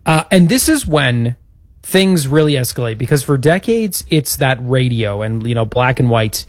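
A man co-hosting a casual podcast, recounting history with upbeat interest. His voice sits at a middle pitch. It is recorded dry and close. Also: animated, normal speed, no echo. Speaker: podcast co-host. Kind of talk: casual chat.

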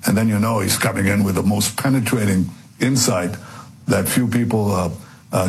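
A man giving a remote interview, speaking earnestly and haltingly, often repeating himself. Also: on the low side, darkish tone, breathy edge, poor audio. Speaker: interview guest.

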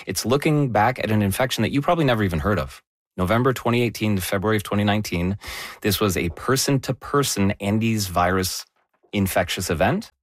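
A man explaining a news story in a conversational way, animated and correcting himself as he goes. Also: fairly low pitch, a little fast, no echo, clean studio sound.

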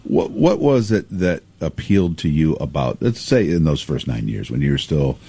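A man's voice: extremely low pitch, sing-song, moderate pace, vocal fry, dark tone, breathy edge. A man hosting a local talk show, asking rambling conversational questions. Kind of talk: casual interview.

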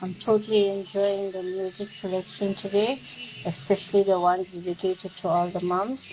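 A woman's voice: mid-range voice, little pitch movement, normal speed, background noise. A woman leaving a cheerful, chatty voice note for a radio host.

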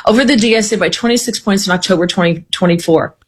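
Brief: woman political commentator, husky, animated, talks fast in bursts. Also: medium pitch. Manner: opinionated, animated, quick asides. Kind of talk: casual political chat.

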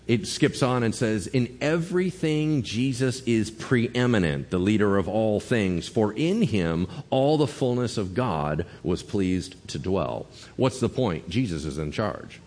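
A man preaching a sermon as pastor, emphatic and animated, swinging his voice up and down for emphasis. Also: medium pitch. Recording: long reverb of a church hall.

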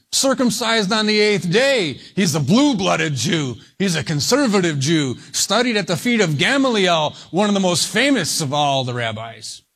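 A man delivering a sermon at an unhurried, measured pace. His voice sits a little high for a man and climbs noticeably whenever he presses a key word. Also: a bit bright. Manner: slow, deliberate preaching that leans on single words for emphasis. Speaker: pastor.

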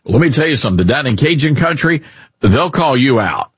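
A middle-aged man hosting a radio talk show, chatting in an animated, joking, rambling way. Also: medium pitch, fairly quick, husky, no room sound. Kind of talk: casual opinion talk.

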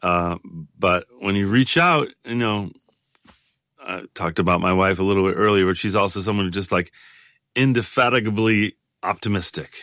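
A man in his sixties, a guest in a conversation, talking in a halting, reflective way with many restarts. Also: low-pitched, fairly bright tone, no room sound, clean studio sound. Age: 60s. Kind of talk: casual conversation.

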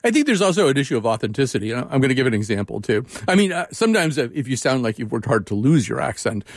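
An older male radio host in his sixties, chatting loosely and circling back with fillers and restarts. His voice sits at an ordinary pitch. The studio sound is dry and close, with no room echo. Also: sing-song, fast talker. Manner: conversational, with frequent fillers and restarts. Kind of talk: radio interview.

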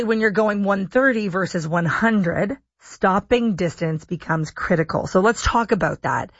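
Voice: medium pitch, a bit bright, dry recording, highs cut off. Conversational radio host, dry sound. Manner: conversational, asks pointed questions. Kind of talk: radio call-in interview.

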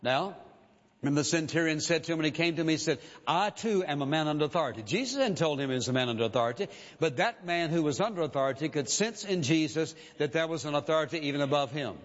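Man, sermon, emphatic, repeats phrases, higher pitch, muffled lo-fi sound, echoing hall. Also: expressive. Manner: emphatic, repeats key phrases, slows for quoted verses. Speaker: preacher. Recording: dull lo-fi audio with long reverb.

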